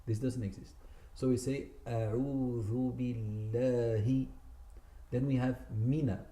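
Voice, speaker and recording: A man's voice: medium pitch, fairly even intonation, moderate pace, dark tone. A man teaching Quran recitation in a spoken lesson, patiently correcting common mistakes and drawing out the demonstrated words. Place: community centre room. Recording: echoey room.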